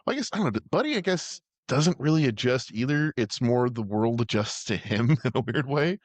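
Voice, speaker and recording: A man co-hosting a casual movie-review podcast, animated and swearing, often slipping into jokey character voices. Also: medium pitch, normal speed, no echo. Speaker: podcast co-host.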